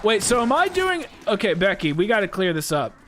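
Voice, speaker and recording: A young American man with a fairly high voice, rambling through casual chat as a gaming podcast host. He talks loosely and laughs often, with faint noise behind him. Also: huge pitch swings, fairly quick, fairly bright tone. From United States. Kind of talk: casual chat while playing a game.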